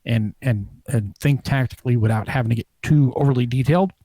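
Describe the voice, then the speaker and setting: A man's voice: mid-range voice, fairly quick, mellow, dry recording. A man from New Jersey hosting a casual chat over beers, rambling and hedging as he reads viewer comments aloud. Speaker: host.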